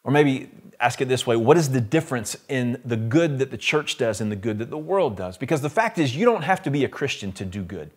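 A man's voice: mid-range voice, expressive, fairly quick, hardly any pauses, slightly rough. A male pastor preaching a sermon in an earnest, reflective way, posing questions to listeners.

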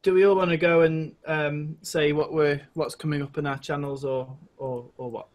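A man's voice: fairly high pitch, steady tone, moderate pace. A man with a Welsh accent chatting casually on a podcast, hesitant with many ums and restarts. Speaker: podcast co-host. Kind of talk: casual chat.

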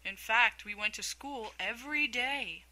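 A woebegone turtle creature from a storybook sighs through each line , voiced by a woman reader. The voice stays very bright and clear. It has a gentle, tearful manner. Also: on the high side, unhurried, poor audio. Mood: mournful. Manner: sighing, tearful storybook delivery. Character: mournful sobbing turtle creature, sentimental and touchy. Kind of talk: storybook reading.

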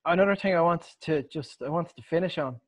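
A man's voice: on the high side, a little fast. A man hosting a podcast, talking casually with stammering restarts and frequent chuckles. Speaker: host.

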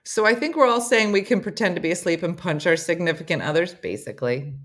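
A woman's voice: lowish voice, lively intonation, fast talker. A woman hosting a comedy morning show, reading listener stories aloud with playful banter.

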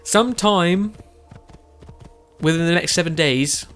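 A gaming video host, tired and with a sore throat, chats casually while playing a game, rambling and often correcting himself. His voice is slightly high, a bit bright and smooth, and he speaks slowly.

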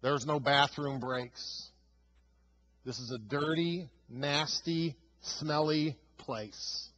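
A male pastor preaching a sermon with emphatic delivery, swinging from loud stresses to hushed lines. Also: a little high, very slow, poor audio.

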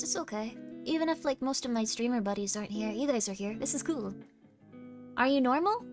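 Bubbly young woman streamer. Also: a little high. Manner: bubbly, rambling, reads and answers chat. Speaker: VTuber streamer. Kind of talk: casual live-stream chat.

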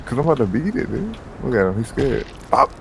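A man joking and reacting loudly while playing a co-op game, with faint music behind. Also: mid-range voice, sing-song, quick pace, creaky, crowd noise. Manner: joking, frantic outbursts. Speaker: co-op gamer. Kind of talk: let's play commentary. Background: faint background music.

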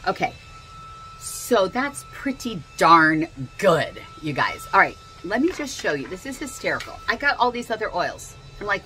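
A woman's voice: medium pitch, big pitch swings, moderate pace, pushed and bright, faint music behind, rough recording. A woman gushing enthusiastically as she unboxes and shows off products in a casual vlog at home. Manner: gushing and enthusiastic, repeats herself. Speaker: essential oils seller.

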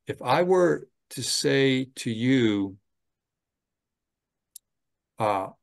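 Gentle, deliberate male chaplain. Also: mid-range voice, lively intonation, creaky. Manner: slow, gentle and deliberate, with fillers. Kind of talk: training talk on ministry.

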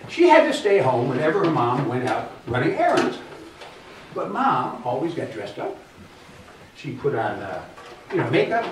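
A man's voice: medium pitch, wildly swooping pitch, normal speed, long pauses, heavy reverb, distant mic, noisy background. A middle-aged man performing a one-man storytelling show on stage, easygoing, folksy and conversational. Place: theater stage.

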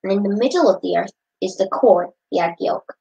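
A woman reads a children's storybook aloud at home, in a middle-pitched voice. Her reading is plain and unpolished, with small slips along the way. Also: expressive, a little fast, creaky, mellow, dull audio. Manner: reading with occasional slips and laughs. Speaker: storybook reader.

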